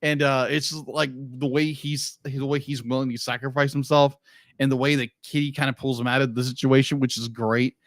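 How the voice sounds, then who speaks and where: A man's voice: medium pitch, little pitch movement, fairly quick, no echo, studio quality. A man co-hosting a podcast in casual review chat, easygoing and enthusiastic, with lots of fillers. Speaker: podcast co-host.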